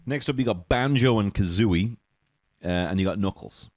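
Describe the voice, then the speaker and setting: A man's voice: fairly low pitch, normal speed, darkish tone, no echo. A man hosting a comedy podcast, rambling through a profane, giggly monologue on a close mic.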